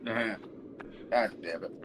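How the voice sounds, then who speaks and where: A man's voice: on the low side, a bit bright, a little hiss or hum. A young man streaming, chatting casually in a profane, sarcastic way. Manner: profane, sarcastic, quick to swear.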